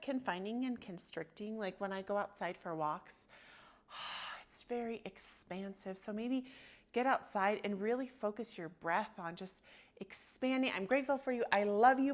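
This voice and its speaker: A woman in her thirties leading a guided yoga class from her home, soothing and affectionate, with audible sighing breaths between cues. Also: mid-range voice. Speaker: yoga instructor.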